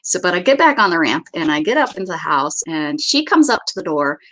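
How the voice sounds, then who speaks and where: A woman's voice: on the low side, sing-song, brisk, pushed and bright. A woman hosting a casual livestream, telling a rambling story and greeting viewers by name as they arrive. She often trips over her words and restarts. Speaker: livestream host. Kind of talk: casual chat.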